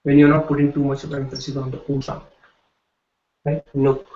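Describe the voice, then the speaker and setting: This male Hindi teacher has a medium-pitched, mellow voice and a flat, slightly quick delivery. Lecturing to a class, he explains things patiently and keeps asking "right?". Sound quality is dull and lo-fi, with room echo.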